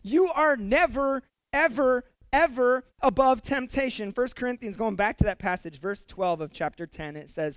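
A man's voice: very high-pitched, moderate pace, hardly any pauses, smooth, no echo. A male pastor preaching a casual, joking sermon who often stumbles into repeated words. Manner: conversational and jokey, repeats words when excited.

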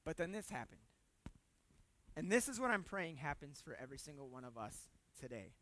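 A pastor giving a conversational sermon with humor, repeating words for emphasis and swinging between loud points and hushed asides. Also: mid-range voice, sing-song, a little fast.

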